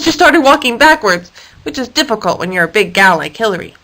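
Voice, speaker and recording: A woman reading a children's animal story aloud in a lively, expressive way. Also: medium pitch, fairly quick, low-quality recording.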